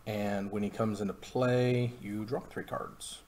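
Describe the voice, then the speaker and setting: A man's voice: fairly low pitch, fairly even intonation, measured pace, a little mellow. A man giving casual live commentary on a card game stream, chatty and rambling with many fillers and jokey asides. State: has the hiccups.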